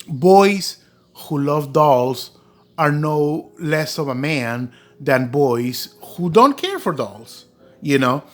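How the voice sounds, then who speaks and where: A doll collector vlogs into his phone, telling a personal story in an earnest, rambling way packed with "you know" and "um." His voice sits a little high and sounds a bit bright.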